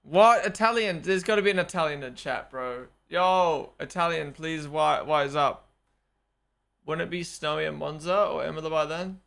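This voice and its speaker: At a moderate pace, a young streamer reacts live to a race broadcast, excitable and casual, repeating what he exclaims. The voice sits slightly high, mixing a gravelly fry with a bright, tense edge.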